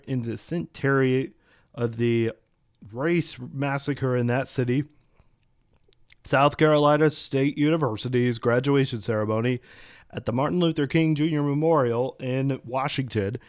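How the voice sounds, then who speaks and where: This man's medium-pitched voice comes through clean, with studio sound and no room echo. Hosting a solo podcast, he reads the news, then launches into a heated, profane, outspoken rant that rambles and restarts often.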